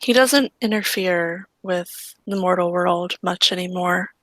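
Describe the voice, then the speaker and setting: A woman's voice: on the low side, unhurried, a bit bright, no echo, rough recording. A woman playing her character in a tabletop game, speaking in an earnest, reassuring way. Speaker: tabletop player. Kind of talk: in-character role-play chat.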